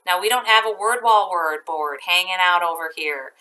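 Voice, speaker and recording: A woman teacher slowly dictating a spelling test to her class, stretching out each word and sentence. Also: fairly low pitch, bright, forceful tone, rough recording.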